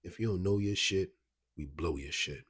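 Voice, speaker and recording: A man voicing a young male gang member he met, with blunt street slang, low and husky. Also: moderate pace, fairly bright tone, no room sound, clean studio sound. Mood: menacing.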